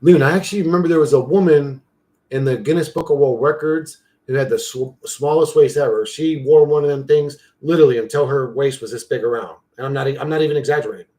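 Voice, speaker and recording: A man's voice: medium pitch, quick pace, warm tone. Rambling, foul-mouthed guy chatting casually. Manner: loose, profane, talks to himself while clicking through an image generator. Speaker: channel host.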